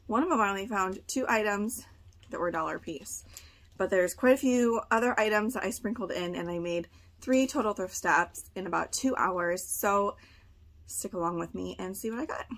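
A young, heavily pregnant woman who resells online part-time chats to a camera while seated in a room at home, doing a casual thrift haul vlog. Her medium-pitched, fairly bright voice is a bit breathless, and she rambles chattily, thinking aloud with frequent "like" and "uh."

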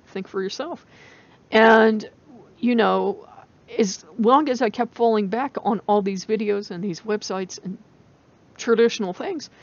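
A woman with a rural American country accent, rambling and animated in a casual spiritual vlog, laughing often. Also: mid-range voice. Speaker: channel host. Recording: dull lo-fi recording.

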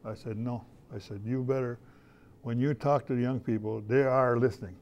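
A man's voice: medium pitch, steady tone, moderate pace, darkish tone, dull audio. An older man, an artist talking casually to schoolchildren in a folksy, storytelling way, often repeating his phrases. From Canada. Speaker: visiting artist.

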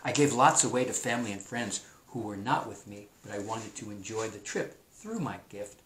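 A man's voice: on the low side, animated, moderate pace, few pauses. A man teaching a remote class, talking in a chatty, enthusiastic way and drawing out words for emphasis. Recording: roomy echo, faint noise.

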